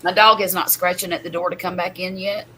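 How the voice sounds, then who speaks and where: A woman's voice: fairly low pitch, little pitch movement, a little fast, noisy background. A woman, hosting a chatty livestream from home and laughing often. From US Gulf Coast. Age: 50s. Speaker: livestream host. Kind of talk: casual livestream chat.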